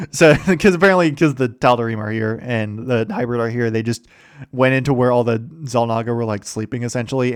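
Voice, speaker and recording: A man hosts a casual recap of a game's story, rambling, correcting himself and chuckling as he goes. His voice is smooth and clear at a mid pitch. The sound is close and dry. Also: dry recording. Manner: rambling, with many fillers, self-corrections and chuckles. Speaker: host. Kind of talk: casual game campaign summary.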